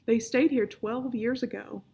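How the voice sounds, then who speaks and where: A woman's voice: on the high side, steady tone, a little slow, gravelly, a little mellow, slightly rough, full character voice, poor audio. A woman voicing a cheeky young boy who works as a hotel lost-and-founder, speaking in a mock-solemn way in a storybook reading.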